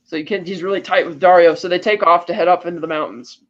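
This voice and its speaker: A man with a notably high voice runs through a film's story in a loose, casual recap. He tells it with animation and often trips and restarts mid-sentence. The audio is slightly muffled and lo-fi. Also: fairly even intonation, quick pace. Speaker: podcast co-host.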